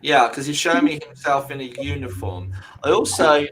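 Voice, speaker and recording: A man working as a medium on a video call, talking in halting, self-correcting bursts and often checking whether his words make sense. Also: a little high, lively intonation, crowd noise, poor audio. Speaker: medium giving a reading. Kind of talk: spiritual reading on a group video call.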